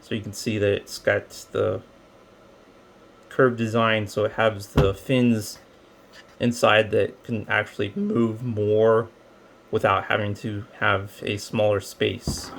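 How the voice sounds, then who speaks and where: A man's voice: lowish voice, level tone, slow, creaky, slight background noise. A man giving a casual, rambling product review, explaining with many fillers and restarts. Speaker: tech reviewer.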